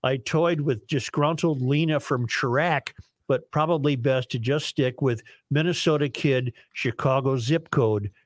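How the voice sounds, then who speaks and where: A man's voice: medium pitch, a little slow, dry recording. Dry-sounding male talk radio host. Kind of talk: talk radio, reading listener emails.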